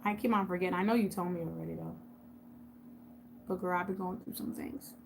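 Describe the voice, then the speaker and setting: A woman's voice: lowish voice, steady tone, brisk, creaky, noisy background. Chatty woman on a casual live stream. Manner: chatty, addresses viewers by name, repeats herself for emphasis. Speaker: YouTube host on a livestream.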